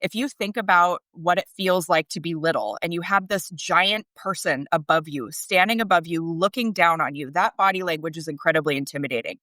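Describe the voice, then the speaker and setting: Woman parenting coach, lowish voice, earnest explainer on a podcast, dry close sound. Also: a little fast, few pauses, dry recording. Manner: earnest and explanatory, animated rises. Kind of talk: conversational podcast interview.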